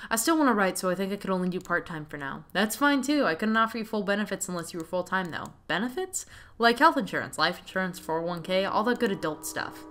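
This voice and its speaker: A woman voicing a friendly, easygoing middle-aged male mechanic who teases and jokes in a relaxed way. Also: medium pitch, fast, close to an everyday voice.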